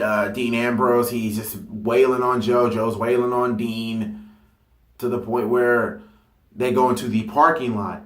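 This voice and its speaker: A man talking casually and excitably about a wrestling storyline, rambling with fillers and stopping to correct himself. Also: medium pitch. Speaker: wrestling fantasy-booking vlogger. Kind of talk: casual unscripted monologue. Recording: roomy echo.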